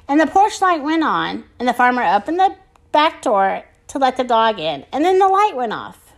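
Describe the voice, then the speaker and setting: A woman reading a children's chapter book aloud with expressive narration. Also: a little high. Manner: expressive and slow. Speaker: storybook reader.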